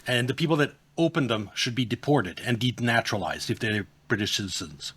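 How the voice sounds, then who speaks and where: A man giving opinionated political commentary in a measured, halting way, with frequent filler sounds. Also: medium pitch, animated, fairly bright tone, husky.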